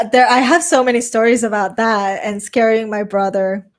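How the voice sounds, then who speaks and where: Slow-talking Venezuelan woman reading her chat. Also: fairly high pitch, fairly even intonation. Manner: chatty and self-conscious, reading viewer questions aloud and answering them. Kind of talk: casual chat.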